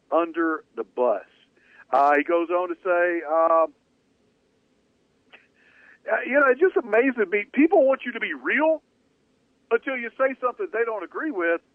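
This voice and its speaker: Male sports talk host, high pitch, emphatic, rambling delivery; dry, narrowband radio sound. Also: dry recording. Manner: emphatic, opinionated, rambling with restarts. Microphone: studio radio mic. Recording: dry phone-like radio audio.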